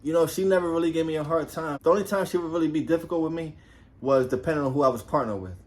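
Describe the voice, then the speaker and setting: A former police officer tells a story casually, swearing a lot and acting out the voices of the people in it. His voice is a little high and he talks at a racing speed.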